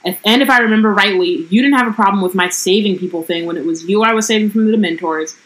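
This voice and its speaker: A woman's voice: mid-range voice, quick pace, fairly bright tone, poor audio. A woman co-hosting a casual book-discussion podcast, reading passages aloud and then riffing on them with frank, profane commentary.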